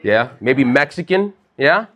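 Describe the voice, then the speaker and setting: This is a man in his thirties from Chicago, USA, performing relaxed, chatty stand-up at a comedy club and leaning on "like" and "bro" the whole way. His mid-range voice swings widely in pitch, moves a bit slowly, and has a fairly bright tone.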